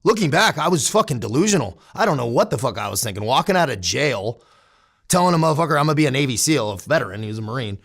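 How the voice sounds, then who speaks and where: Man, 30s, gravelly, swears freely, laughs through his war stories, casual interview guest. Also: mid-range voice, expressive, fast, a bit bright. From San Diego, United States. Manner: profane, candid, laughs while telling. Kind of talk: casual storytelling.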